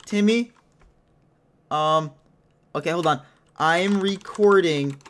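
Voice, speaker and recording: A man hosting a video game let's play, chatting to viewers and breaking into panicky yelling when things go wrong, speaking into a headset mic. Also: fairly high pitch, slow pace, a little hiss or hum. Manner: excitable, panicky yelling under pressure. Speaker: gaming channel host.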